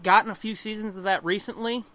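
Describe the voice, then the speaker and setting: Bright-toned guy on a podcast, swears a lot, rants loose and animated. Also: high-pitched, fast talker. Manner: profane, animated ranting with laughter. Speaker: podcast co-host. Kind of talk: casual chat.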